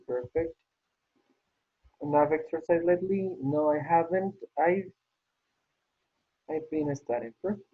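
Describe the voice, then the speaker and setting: A man's voice: fairly high pitch, unhurried, pauses often, breathy edge. A man teaching an English class online, patiently repeating praise as he works through the exercises. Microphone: video call. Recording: tinny phone-like call audio.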